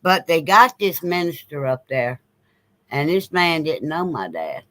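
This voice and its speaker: A man's voice: on the high side, big pitch swings, measured pace, bright, forceful tone, dry recording, poor audio. A man telling a long story in casual chat, blunt and repeating himself as he goes. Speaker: co-host.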